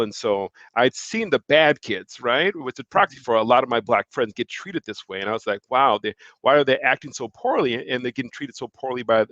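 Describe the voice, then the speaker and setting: A middle-aged man from Milwaukee telling a personal story as a guest, animated and quoting others as he speaks. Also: medium pitch, no room sound, dull audio. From Milwaukee, Wisconsin, USA. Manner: animated storyteller, acts out quoted remarks, laughs between phrases. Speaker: guest, education leader and author. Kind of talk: conversational storytelling.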